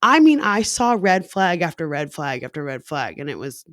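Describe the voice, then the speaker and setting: A woman's voice: deep voice, big pitch swings, normal speed, fairly bright tone, dry recording, clean studio sound. A woman in her thirties telling a personal story candidly, swearing freely and filling her talk with "like" and "you know". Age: 30s. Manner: frank and profane, filler-heavy with lots of "like".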